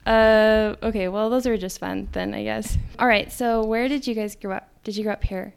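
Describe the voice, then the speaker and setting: A woman from Idaho hosting a casual podcast interview, upbeat and quick to laugh. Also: mid-range voice, fairly even intonation, creaky, clean tone. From Idaho, USA. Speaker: podcast host.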